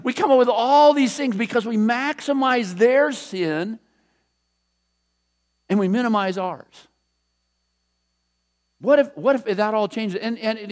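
A male pastor giving a conversational sermon, often dropping to a hushed voice for scripture quotes and chuckling between thoughts. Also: high voice.

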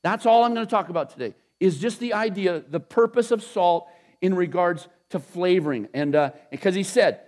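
A man's voice: high voice, fairly quick. A male pastor giving a sermon in a loose, conversational way, with many restarts and asides. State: tired after a short night.

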